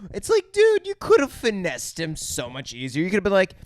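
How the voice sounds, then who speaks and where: A man's voice: sits high, huge pitch swings, fairly quick. A man co-hosting a podcast, chatting casually about a film with wry, profane comments. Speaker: podcast co-host. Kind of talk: casual movie recap chat.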